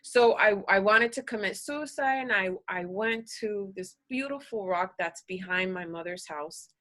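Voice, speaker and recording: A woman shares a painful personal story as a podcast guest, earnest and halting, with frequent restarts. She sounds emotional and close to tears. Her voice is bright and sharp, pitched in a middle range.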